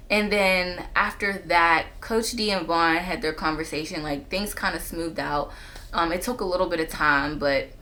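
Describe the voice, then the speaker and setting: A woman talking straight to her camera in a casual storytime monologue, retelling a story with animated jumps in pitch when she quotes people. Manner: animated retelling, jumping up in pitch when quoting herself and others. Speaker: vlogger telling a personal story. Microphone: camera on a stand.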